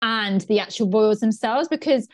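A woman's voice: on the high side, normal speed. Giggly woman podcaster. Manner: giggly, animated storytelling. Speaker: podcast co-host. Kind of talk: casual chat.

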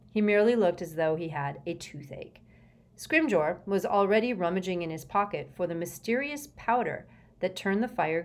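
A woman reading a novel aloud as an audiobook narrator, with expressive storytelling. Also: fairly low pitch. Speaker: audiobook reader.

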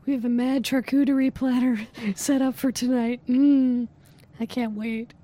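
High, mellow-voiced woman teasing a caller. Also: fairly even intonation, a little slow. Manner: teasing, bossy, mock-seductive. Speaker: prank caller, podcast host. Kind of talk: comedic prank phone call.

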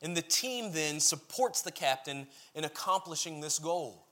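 A man's voice: on the high side, lively intonation, unhurried, fairly bright tone. A man preaching a sermon, reading scripture aloud and then explaining it in an earnest, emphatic way, building his points as lists.

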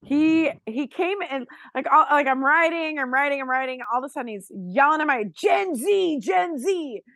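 A woman's high-pitched voice moves a little fast, with no room sound. In her thirties and from Florida, she co-hosts a podcast and relates a story in easygoing chat, lively and foul-mouthed, playing out each person she quotes.

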